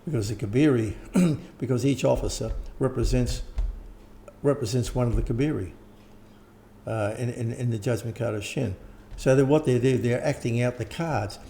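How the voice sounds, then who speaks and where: Older man, gravelly, dark tone, rambling interview talk, faint background hiss. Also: mid-range voice, normal speed. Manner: rambling, frequent restarts and throat clearing. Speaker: interviewed teacher. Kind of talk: casual conversation.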